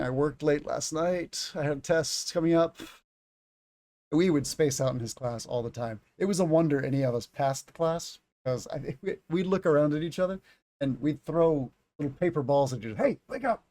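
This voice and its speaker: A man's voice: on the high side, moderate pace, mellow. A man in his thirties, an English teacher, explaining vocabulary in a chatty way on a livestream, with stories from his own life.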